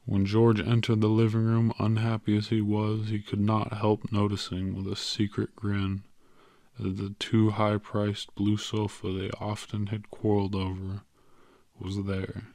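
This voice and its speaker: Male audiobook narrator, low and flat, measured, dry close recording. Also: no echo. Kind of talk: scripted narration.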